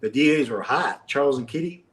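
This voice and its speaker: A man's voice: medium pitch, animated, fairly quick, recorded from a distance. A man telling stories in a casual podcast chat, rambling with many fillers and acting out quoted lines. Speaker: podcast guest. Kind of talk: casual storytelling. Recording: roomy and off-mic.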